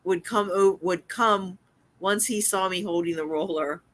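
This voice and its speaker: A woman's voice: on the low side, a little slow, fairly bright tone. A woman co-hosting a casual live stream, chatting, explaining things and reading out viewer comments. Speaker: co-host.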